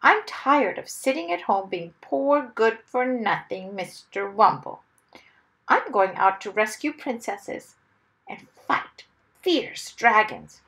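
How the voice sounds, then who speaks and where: A woman's voice: a little high, expressive, takes it slowly, a bit bright, exaggerated voice. A woman voicing a small, fussy man who blusters crossly and tries to sound important. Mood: excited. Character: small timid man turned blustering adventurer.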